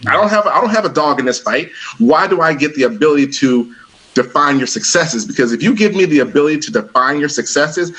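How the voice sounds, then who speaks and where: A man's voice: on the high side, fast, low-quality recording. A middle-aged man, an author and speaker, telling stories as a podcast guest, acting out quoted dialogue and laughing often. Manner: animated storyteller who acts out quoted dialogue, laughs often. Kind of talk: conversational storytelling interview.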